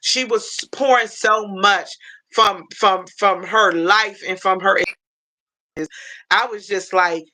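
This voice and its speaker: Speaking slowly in a mid-range voice with a pushed, bright quality, a woman runs a casual livestream chat. She rambles chattily, keeps restarting her thoughts, and is openly heartfelt.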